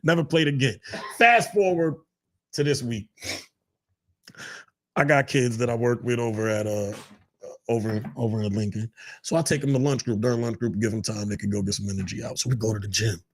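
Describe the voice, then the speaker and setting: A man hosting a casual chat show, telling animated stories and mimicking others in high shouted voices. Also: brisk, pauses often. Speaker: podcast host.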